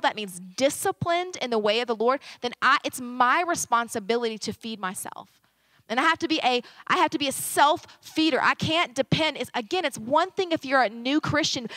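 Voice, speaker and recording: A woman pastor in her thirties preaches in an easy, conversational manner. Her voice sits fairly high and moves with plenty of energy. The sound is dry and close. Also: a bit bright, no room sound. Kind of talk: sermon. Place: church stage.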